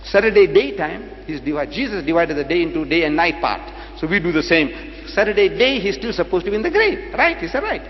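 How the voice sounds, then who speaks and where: An older man from South Africa delivers a dramatic lecture, firing rhetorical questions and repeating phrases for emphasis. His voice is high and swoops widely. The recording is dull and lo-fi, with a long hall echo and a faint hum underneath. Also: very animated, a little fast, few pauses. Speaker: preacher. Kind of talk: public lecture to an audience.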